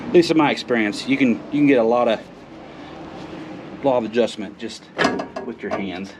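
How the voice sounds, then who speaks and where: A man's voice: medium pitch, normal speed, very noisy. Rambling man working in a garage. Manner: folksy, rambling with many fillers. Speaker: car mechanic vlogger. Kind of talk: casual how-to narration while working. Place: home garage, working on a car.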